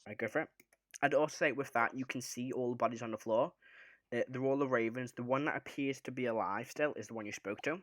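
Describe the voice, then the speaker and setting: A man's voice: medium pitch, dry recording. Man running a tabletop game, dry sound. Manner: relaxed, halting narration with fillers. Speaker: dungeon master.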